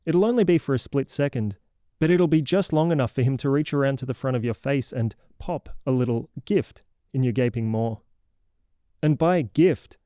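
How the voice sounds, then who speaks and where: A man's voice: medium pitch, warm tone, dry recording, clean studio sound, close to an everyday voice. A man doing a cranky scolding neighborhood crank. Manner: sarcastic, theatrical scolding. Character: cranky scolding older man lecturing a kid. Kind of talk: comic horror audio fiction monologue.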